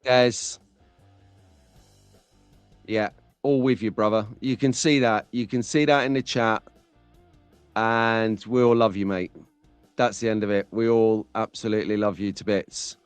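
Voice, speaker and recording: A man's voice: fairly low pitch, steady tone, measured pace, long pauses, clear, resonant tone, dry recording, faint music behind. A man hosting a casual live stream, chatting and bantering with viewers in the chat. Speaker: livestream host.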